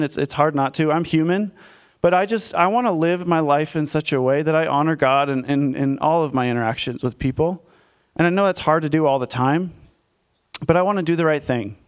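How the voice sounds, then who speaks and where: Candid and quick to laugh at himself, a male pastor weaves a personal story into a conversational sermon, using lots of fillers. He speaks a little fast in a smooth, fairly high-pitched voice.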